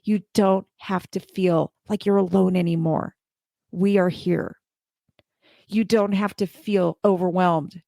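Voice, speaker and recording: A woman's voice: fairly low pitch, fairly even intonation, slow pace, gravelly, warm tone, no echo, studio quality. A woman in her forties hosting a heartfelt live-stream talk, earnest and emotional, repeating phrases for emphasis. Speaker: podcast host and child care business coach.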